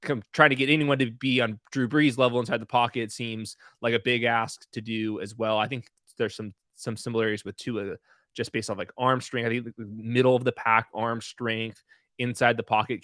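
A man's voice: medium pitch, steady tone, brisk, a bit bright, no echo, studio quality. A young man talking as a podcast guest, breaking things down in a loose, chatty way full of "like" and "uh". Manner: loose, chatty, uses lots of fillers like "like". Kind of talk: casual podcast analysis.

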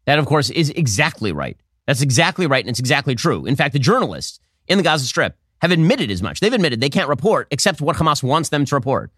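A man hosting a political commentary show, arguing fast with a sarcastic, combative edge. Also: medium pitch, very animated, a bit bright, no echo, clean studio sound. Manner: rapid, sarcastic, argumentative. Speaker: podcast host.

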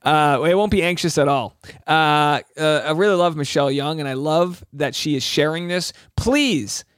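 A man's voice: fairly high pitch, normal speed, fairly bright tone, clean tone, no room sound, clean studio sound. Upbeat chatty man hosting a podcast. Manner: chatty, joking, upbeat, repeats lines aloud. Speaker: podcast host. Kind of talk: casual chat.

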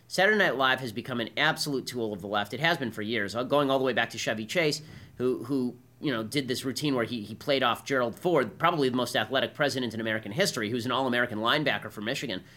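Fast, bright-voiced combative male commentator. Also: mid-range voice. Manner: combative, emphatic, keeps asking "right?". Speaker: political commentary host. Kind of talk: monologue commentary.

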